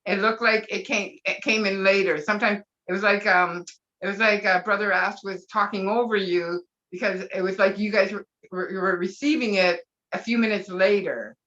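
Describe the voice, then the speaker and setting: A woman speaking as a brand ambassador at a live webinar, gushing and excitable, with sudden whoops of delight. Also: mid-range voice, normal speed, highs cut off.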